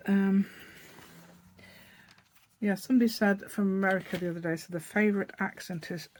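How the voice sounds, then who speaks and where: A woman's voice: mid-range voice, steady tone, moderate pace, darkish tone, a little hiss or hum. A woman with an East Midlands English accent, chatting and rambling as she demonstrates a paper craft project step by step. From East Midlands, England. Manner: rambling, chatty, thinking aloud while working. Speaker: craft channel host. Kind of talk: casual crafting tutorial.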